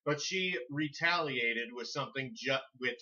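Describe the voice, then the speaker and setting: A man's voice: mid-range voice, a little slow, sharp tone. A man co-hosting a casual podcast, tossing in dry, wry remarks. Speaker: podcast co-host. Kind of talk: casual chat. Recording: distant, dull lo-fi mic.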